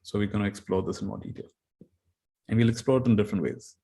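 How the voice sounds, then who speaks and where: Gentle meditation teacher. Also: male voice, lowish voice, fairly even intonation, fast talker, gravelly. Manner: gentle storytelling, repeats key phrases. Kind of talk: dharma talk.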